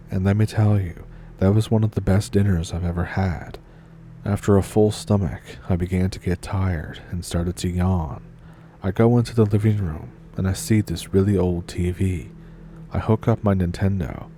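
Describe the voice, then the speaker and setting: A man narrating spooky first-person stories in a calm, measured way. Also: low voice, a little hiss or hum. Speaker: horror story narrator. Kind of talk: storytelling narration.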